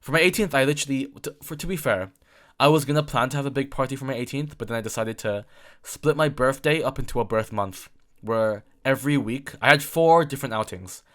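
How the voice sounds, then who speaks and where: A man's voice: mid-range voice, brisk, a bit bright. A young man in his late teens from England, talking alone in a rambling podcast, full of fillers and repeated words. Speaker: podcast host. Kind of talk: solo rambling chat.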